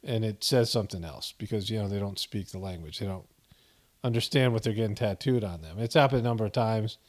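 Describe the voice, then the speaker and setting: A man's voice: on the low side, fast talker. Rambling, chuckling male commentary host. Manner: rambling, chuckling, many fillers. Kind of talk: casual video commentary.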